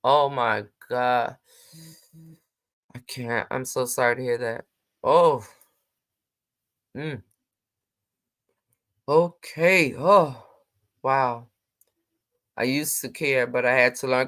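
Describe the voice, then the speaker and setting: A woman's voice: sits low, a bit bright. A woman co-hosting a casual livestream, reading viewer comments aloud and answering them in a sassy, emphatic, colloquial way. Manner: colloquial, drawn-out exclamations.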